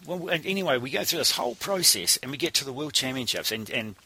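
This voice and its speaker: Cast a rapid-fire, sharp-voiced New man in his forties, a blunt swearing coach. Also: mid-range voice, expressive, breathy edge. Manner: blunt, salty storyteller, swears freely. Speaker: cycling coach. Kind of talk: casual anecdote in conversation.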